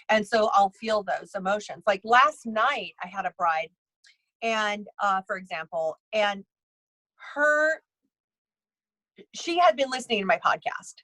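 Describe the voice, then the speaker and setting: Woman, mid-pitched, rambling casual storyteller, lots of restarts, dry close sound. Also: unhurried, pushed and bright, dry recording, low-quality recording. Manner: rambling, with many restarts and fillers; acts out other people's lines in her stories. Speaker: psychic medium and bridal tailor, podcast guest.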